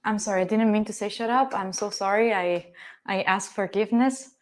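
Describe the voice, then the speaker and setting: Her voice is mid-range and fairly quick: a young Italian woman, accent and all, keeping up playful chatter with her viewers while she cooks in her home kitchen. She teases the chat and swears without hesitation.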